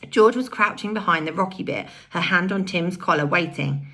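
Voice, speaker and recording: A woman reading a children's novel aloud with expressive storytelling. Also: on the low side, moderate pace. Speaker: audiobook reader.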